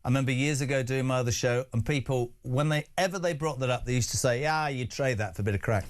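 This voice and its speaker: A man hosting a live talk radio phone-in, his voice at an ordinary middle pitch. He sounds chatty and offhand, reading out listener messages with plenty of "uh" fillers. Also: fast talker. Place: radio studio.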